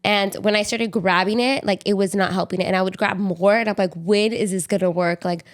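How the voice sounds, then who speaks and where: A young adult woman co-hosts a podcast in easy casual chat. She tells her story in an animated, rambling way, full of fillers. Her voice sits at an ordinary middle pitch. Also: a little fast. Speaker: podcast co-host.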